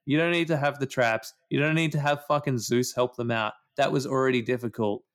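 A man's voice: mid-range voice, steady tone, brisk. A man ranting about a video game in casual chat, swearing often. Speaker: podcast co-host.

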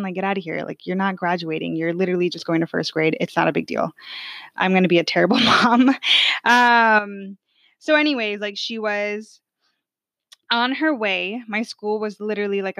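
A woman's voice: mid-range voice, moderate pace, creaky, fairly bright tone, no room sound. A woman in her twenties telling a personal family story in a casual, chatty way, full of fillers. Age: 20s.

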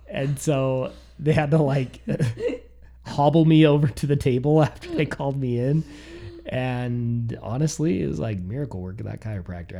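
A man in his thirties telling a personal story in a casual chat, acting out what he and others said. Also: medium pitch. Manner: animated, quotes himself and others.

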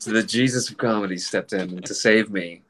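A middle-aged man in casual conversation, rambling and swearing freely as he plays out remembered arguments in quick bursts of voices. He laughs often, and his voice sits a touch low. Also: fairly even intonation, a bit bright. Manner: rambling, profane, laughs often, acts out quoted exchanges. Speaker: comedian, group admin. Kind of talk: casual podcast chat.

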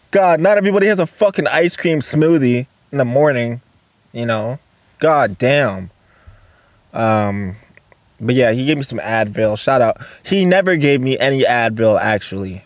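A man hosting a solo casual podcast, rambling and swearing, jumping between loud outbursts and low mutters, recorded on a phone and laptop. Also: animated, unhurried, no echo. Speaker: podcast host.

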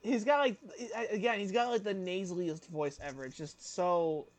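A young man co-hosting a casual podcast, rambling with lots of fillers and breaking into loud impressions. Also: high voice, moderate pace. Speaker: podcast co-host.

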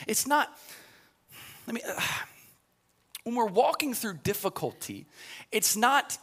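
A man preaching a sermon as pastor, telling the story in a conversational way, often repeating words as he starts sentences, and building to shouted, rising preaching. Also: sits high.

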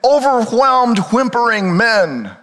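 A man's voice: very high-pitched, very animated, slow pace, a bit bright. A male pastor preaching a sermon with dramatic storytelling and rhetorical questions. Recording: reverberant hall.

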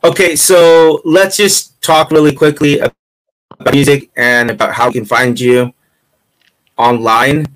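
A man's voice: on the high side, fairly even intonation, measured pace, a bit bright, rough recording. Playful, rambling male interviewer. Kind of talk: casual interview.

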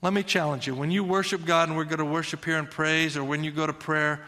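A man's voice: a little high, steady tone, fairly quick, bright, forceful tone, big-room sound. A middle-aged male pastor preaching a sermon in an earnest, conversational way, repeating his phrases for emphasis.

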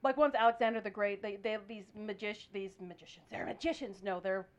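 A woman chatting casually in a group podcast, excitable and rambling, full of fillers. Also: medium pitch, brisk, muffled recording. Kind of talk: casual chat.

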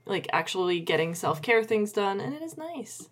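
A woman's voice: mid-range voice, big pitch swings, moderate pace. A woman co-hosting a podcast, chatting casually with frequent laughter and trailing fillers. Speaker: podcast co-host. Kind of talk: casual chat.

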